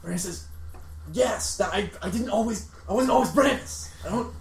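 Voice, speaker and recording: A man playing a tabletop game, speaking in character in a quiet, low-key way. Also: moderate pace, creaky, roomy sound, a little hiss or hum. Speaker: player. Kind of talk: in-character role-play.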